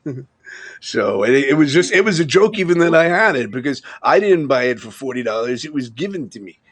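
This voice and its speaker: A man in his fifties with a New York accent chats on a livestream. His voice is husky and of middling pitch. He rambles loosely and chuckles as he talks. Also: very animated, fairly quick. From Long Island, New York. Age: 50s. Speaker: livestream host. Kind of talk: casual live chat. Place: home room, video call.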